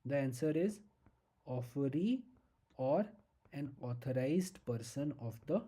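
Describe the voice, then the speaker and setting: A law lecturer with an Indian English accent giving a slow, emphatic exam-prep lesson, repeating key points and checking in with "okay?". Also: mid-range voice, expressive, warm tone, breathy edge.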